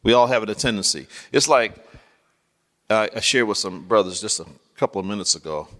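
A man's voice: lowish voice, animated, brisk, a bit bright. Man explaining with many restarts, reverberant hall. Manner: checks in with listeners often, many restarts. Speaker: guest author. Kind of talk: conversational teaching.

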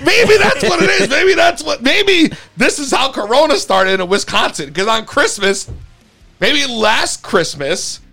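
A man's voice: very high-pitched, sing-song, a little slow, gravelly, pushed and bright, soft background music. A man hosting a call-in podcast in casual chat, laughing often and talking in slang with casual swearing. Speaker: podcast host taking calls.

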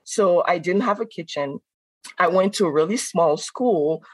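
A woman from Benin talks as a guest on a podcast, her voice sitting fairly low. She tells her stories in an animated, casual way, laughing often and acting out what people said. The sound is dry and close, with no room echo. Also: unhurried, slightly rough. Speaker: guest, food content creator. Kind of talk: casual conversational storytelling.

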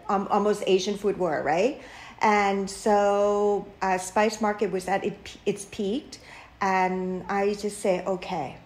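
A middle-aged woman from Thailand speaks English with a Thai accent, sitting as an interview guest. She tells her story with animated energy, breaking into laughter and stumbling through fillers and restarts as she goes. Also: mid-range voice. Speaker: chef and restaurant owner, guest.

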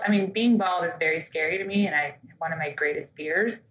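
A woman's voice: mid-range voice, fairly even intonation, a little fast, hardly any pauses, fairly bright tone, echoey room, low-quality recording. A woman co-hosting a podcast, chatting casually and telling stories with quoted asides. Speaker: podcast co-host. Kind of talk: casual chat.

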